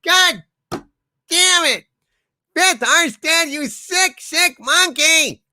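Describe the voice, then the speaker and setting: A man voicing Harvey, a wild male puppet who tells corny pun jokes in shrill outbursts. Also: expressive, very slow, sharp tone, no room sound, studio quality, exaggerated voice. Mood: manic.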